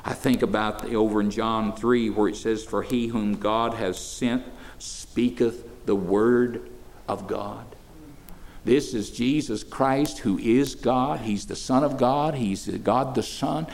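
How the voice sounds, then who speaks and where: An older man, preaching to children, moving between soft, folksy asides and loud, emphatic declarations. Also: mid-range voice, measured pace. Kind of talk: sermon to children.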